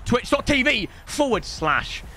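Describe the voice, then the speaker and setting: A young man streaming and commentating live as he opens game packs, excitable and breaking into shouted celebrations. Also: very high voice, a little slow.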